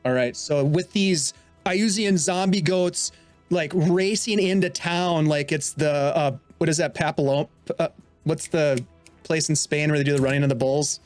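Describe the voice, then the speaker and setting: A man's voice: fairly high pitch, unhurried, soft background music. An American man narrating a tabletop role-playing game as game master, in a loose, rambling way with many fillers. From United States.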